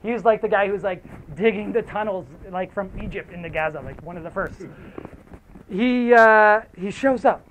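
A man's voice: high voice, normal speed, fairly bright tone, a little hiss or hum, low-quality recording. A man telling a story casually, rambling and swearing, with lots of fillers, then reading aloud.

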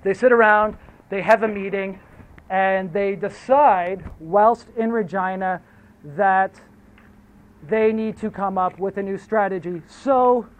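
Male lecturer, casual and profane storyteller, high voice, phone-line sound. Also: slow pace. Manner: animated, slangy, profane, digressive. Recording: tinny phone-like audio.

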